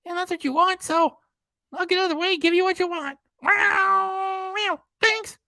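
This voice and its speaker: A man voicing a chirpy cartoon cat mascot that meows and shouts thanks to donors. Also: extremely high pitch, fairly even intonation, moderate pace, gravelly, dry recording, clean studio sound, pitched above the performer's own voice, heavily acted. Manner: meowing, sing-song shouting of thanks.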